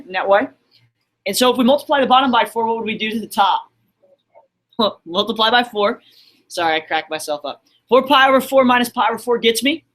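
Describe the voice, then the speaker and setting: Bright, upbeat male math teacher. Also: very high voice. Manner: upbeat, encouraging, quizzes students. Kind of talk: classroom lesson streamed online. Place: classroom.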